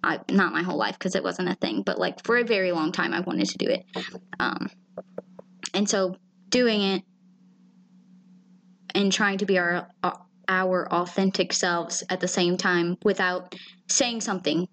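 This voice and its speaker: A woman's voice: fairly low pitch, fairly even intonation, measured pace, pauses often, fairly bright tone, slight background noise. A woman co-hosting a casual podcast, talking candidly and emotionally and swearing freely. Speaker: podcast co-host. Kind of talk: casual chat.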